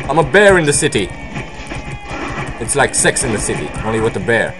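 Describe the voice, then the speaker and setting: A young man commentating on his own gameplay, joking, swearing and bursting into excited shouts. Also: mid-range voice, moderate pace, soft background music. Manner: excitable, swearing, jokey outbursts. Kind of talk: let's play commentary.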